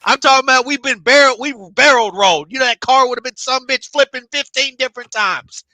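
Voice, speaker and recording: A man rants on a podcast, his voice unusually high and bright. His pitch swings widely as he vents with heavy swearing. The sound is close and dry. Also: fast talker, dry recording. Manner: emotional, animated ranting with heavy profanity. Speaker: podcast co-host. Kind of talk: heated casual chat.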